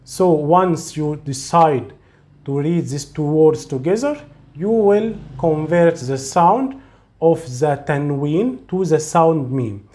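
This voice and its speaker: Slow, patient male teacher. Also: fairly high pitch, expressive, dark tone. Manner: slow, patient, demonstrates sounds and repeats them. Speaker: Arabic teacher. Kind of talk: slow, step-by-step recitation lesson.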